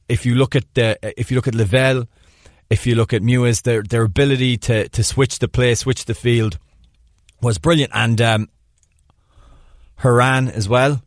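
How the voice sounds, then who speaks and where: A man co-hosting a podcast, chatting casually and breaking down plays in animated detail. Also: medium pitch, dry recording. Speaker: podcast co-host. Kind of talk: casual sports analysis chat.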